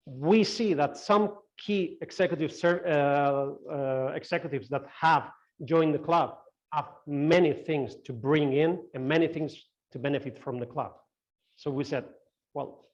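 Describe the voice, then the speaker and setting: A man's voice: a little high, darkish tone, lo-fi sound. A man leading an online meeting, answering member questions with many restarts and fillers over a video call. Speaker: club CEO answering questions.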